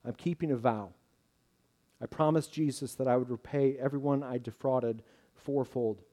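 Zacchaeus, a preacher voicing a humble repentant tax collector. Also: male voice, mid-range voice, fairly even intonation, normal speed, natural voice. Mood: earnest. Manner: earnest, contrite and gentle.

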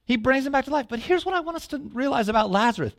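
A man preaching a sermon as a pastor, telling a story with lively asides and questions to the listeners, dropping to a hush when quoting prayers. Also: very high voice, quick pace, gravelly. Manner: animated storytelling, asks the congregation questions.

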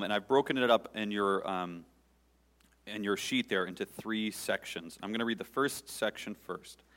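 Deep-voiced pastor in a reverberant hall. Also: male voice, a bit bright. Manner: earnest, pausing, conversational with the congregation. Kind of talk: sermon.

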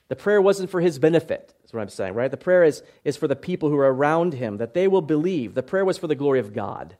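A man's voice: a little high, lively intonation, fast talker, hardly any pauses. A man preaching an expository sermon in a conversational way, reading scripture aloud and often checking in with listeners. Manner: conversational, tag questions, bursts into loud acted shouts. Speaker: pastor.

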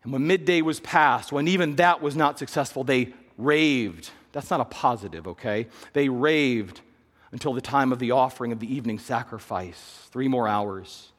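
A man pastor preaching a sermon, dropping to hushed low lines and rising into loud, raised bursts. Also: normal speed. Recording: long hall reverb.

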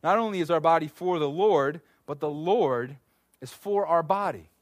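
Pastor guy in his 30s preaching, chatty and animated, kinda high voice, dry sound. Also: moderate pace, no echo. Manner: animated, conversational with asides and restarts. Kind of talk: sermon.

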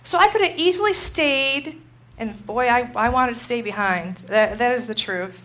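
A middle-aged woman gives a faith lesson in a casual, talky way. She tells her stories with animation and acts out her own panic. Her voice sits a little higher than most women's. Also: animated, moderate pace, a bit bright. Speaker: Christian teacher. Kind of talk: teaching talk with personal story.

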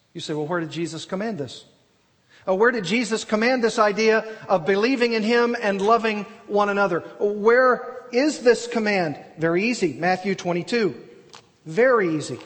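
Man, pastor, high voice, earnest expository sermon, echoing church hall. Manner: earnest, emphatic, asks and answers his own questions.

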